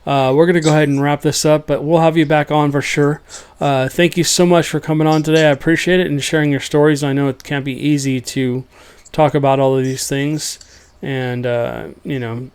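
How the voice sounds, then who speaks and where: A man hosting an interview podcast, speaking in a measured, polite way as he thanks his guest. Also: fairly high pitch, steady tone, a little mellow, clean tone. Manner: measured, unhurried wrap-up, polite and appreciative. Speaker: podcast host.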